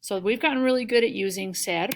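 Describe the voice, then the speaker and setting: A woman's voice: medium pitch, fast, a little hiss or hum. A woman teaching a recorded lesson, explaining step by step and checking in with "okay?". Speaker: Spanish teacher.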